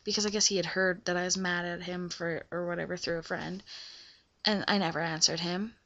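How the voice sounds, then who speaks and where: A woman's voice: on the low side, fairly even intonation, fairly quick, sharp tone, muffled recording. A young woman vlogging casually about a breakup, chatty and full of fillers, often asking the listener "right?". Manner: chatty, filler-heavy, keeps checking in with the listener. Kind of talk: casual confessional storytelling.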